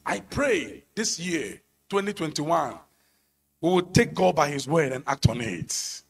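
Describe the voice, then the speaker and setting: A man's voice: on the high side, animated, a little slow, gravelly, slightly rough. A man preaching a sermon, pressing his points with emphatic, sung-out phrases. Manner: emphatic, rising to sung shouts on key phrases.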